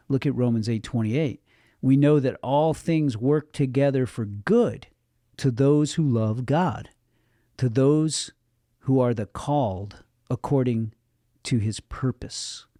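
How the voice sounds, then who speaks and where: A man's voice: medium pitch, dark tone, dry recording, clean studio sound. A man preaching a sermon as pastor, earnest and conversational with touches of humor.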